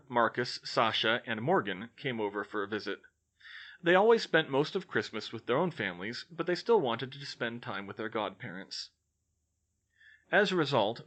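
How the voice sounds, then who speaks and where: A man reading a fan-fiction novel aloud, expressive and doing many character voices. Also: medium pitch. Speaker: audiobook reader. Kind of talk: scripted narration.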